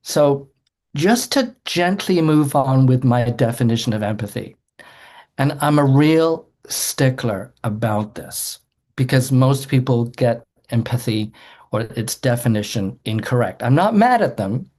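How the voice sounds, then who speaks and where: A man's voice: mid-range voice, lively intonation, unhurried, a little mellow. A man, a doctor, giving an earnest explanatory talk to a group, often repeating words as he restarts a sentence.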